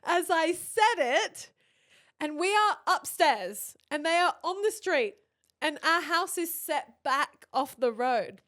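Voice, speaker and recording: A woman in her thirties tells a family story on a podcast. Her voice sits high and swoops widely as she acts out the quotes, laughing along the way. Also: lively intonation, slow pace, fairly bright tone. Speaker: podcast co-host. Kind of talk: casual storytelling chat.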